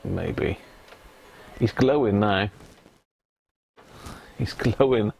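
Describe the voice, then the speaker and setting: A man's voice: fairly low pitch, extremely slow, gravelly, a little mellow, a little hiss or hum. A man hosting a casual livestream, chatting with viewers by name and stumbling over unfamiliar words. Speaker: livestream host. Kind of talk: casual live chat.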